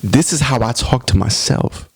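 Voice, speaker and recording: Gravelly, blunt-talking man. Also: medium pitch, moderate pace, dry recording. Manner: blunt, profane, passionate preaching. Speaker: podcast host. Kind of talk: casual monologue on faith.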